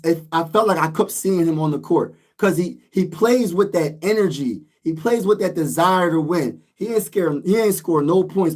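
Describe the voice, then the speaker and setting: A hoarse man with a high voice talks straight to his viewers in an excitable fan rant. He repeats himself and keeps calling the listener "my brother," sounding worn from yelling at the TV. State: hoarse from screaming. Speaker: sports vlogger.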